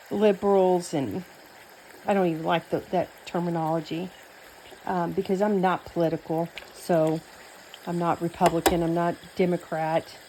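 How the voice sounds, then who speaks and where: A woman's voice: on the low side, mellow, a little hiss or hum, low-quality recording. A woman with a Southern US accent chatting casually while she cooks, rambling with many fillers and restarts. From born in New Mexico, raised mostly in Texas. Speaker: cooking vlogger. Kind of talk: casual chat while cooking.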